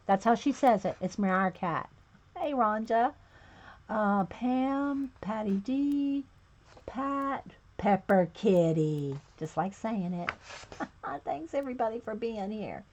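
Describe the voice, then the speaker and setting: A woman hosting a casual livestream, chatting and greeting viewers by name one after another, with a slight lilt. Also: a little high. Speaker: livestream host. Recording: dull lo-fi stream audio.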